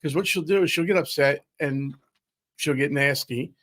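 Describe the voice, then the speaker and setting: A man's voice: a little high, moderate pace, a bit bright. A man who is a guest in a casual chat, speaking frankly.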